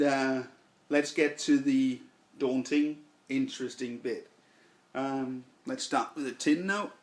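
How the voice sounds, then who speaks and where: A man giving a casual product review in a slow, deliberate way, thinking aloud with fillers. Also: mid-range voice. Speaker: snuff reviewer.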